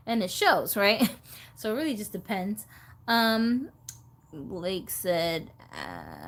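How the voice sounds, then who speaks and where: A woman's voice: mid-range voice, sing-song, extremely slow, gravelly, long pauses, a bit bright. A woman hosting a casual live stream about doll collecting, chatty and giggly.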